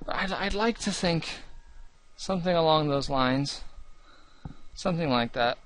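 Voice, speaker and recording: A young man with a slightly high voice, talking casually about his gaming channel. He rambles, restarts often and puts himself down. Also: lively intonation, unhurried, a bit bright. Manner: rambling, restarts often, earnest and self-deprecating.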